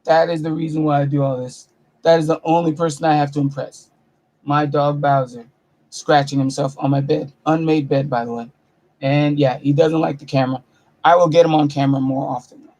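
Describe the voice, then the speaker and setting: A young man chatting casually at home in his bedroom, telling profane, self-mocking stories with animated delivery. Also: fairly high pitch, fairly quick. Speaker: comedian vlogger. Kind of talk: casual storytelling vlog.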